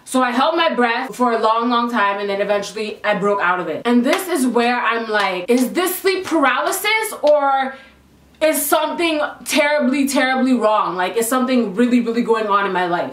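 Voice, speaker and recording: A young woman from Canada recounts something frightening in an animated, breathless vlog voice, pitched a bit high. Her voice sits a little back from the mic, and the room adds a noticeable echo. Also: moderate pace, distant mic. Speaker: vlogger. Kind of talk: casual storytelling to camera. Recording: roomy sound, voice a little off-mic.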